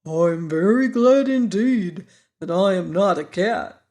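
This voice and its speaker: A man reading an audiobook and voicing an anxious, polite pumpkin-headed man who talks slowly and sighs with worry. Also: high voice, lively intonation, a little mellow, heavily acted. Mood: earnest. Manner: slow, fretful, sighing delivery. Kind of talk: audiobook character voice.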